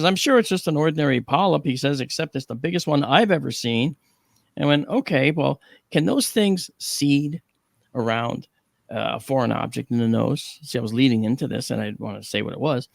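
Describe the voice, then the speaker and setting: A middle-aged man on a talk panel, telling a story with animated, acted-out dialogue and frequent 'okay?' check-ins. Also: fairly high pitch, vocal fry, no echo, studio quality. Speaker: panel guest.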